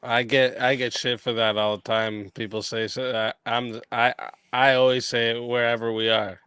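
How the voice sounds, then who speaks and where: A man's voice: mid-range voice, flat delivery, normal speed, sharp tone, clean tone, no echo. A man co-hosting a live stream, reading donation messages and chatting bluntly. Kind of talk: casual live-stream chat.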